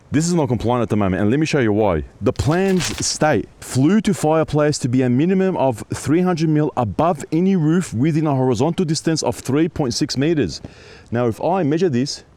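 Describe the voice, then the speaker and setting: A man's voice: medium pitch, expressive, moderate pace, dark tone, slight background noise. An Australian man hosting a building inspection, talking viewers through defects in a blunt, exasperated way. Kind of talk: on-site inspection commentary.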